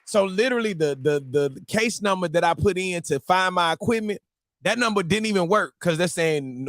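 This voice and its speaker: A married man hosting a live-streamed morning show, telling a story to his viewers in a casual, animated, slang-filled way. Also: high voice, moderate pace, dry recording, clean studio sound. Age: adult, married.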